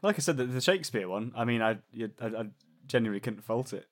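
A man's voice: mid-range voice, animated, fast talker. A man hosting a comedy podcast segment, teasing his co-host and giggling often. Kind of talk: casual comedy chat.

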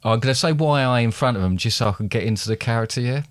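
A man co-hosting a casual podcast, playfully putting on regional accents, laughing often and drawling phrases slowly. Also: lowish voice, no room sound, studio quality. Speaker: podcast co-host.

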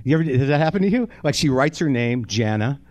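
Talking fast and animatedly, this comedy-show host has a mid-range, slightly mellow voice with the highs cut off. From a theater stage he rants straight at the crowd in a profane, self-deprecating stand-up monologue.

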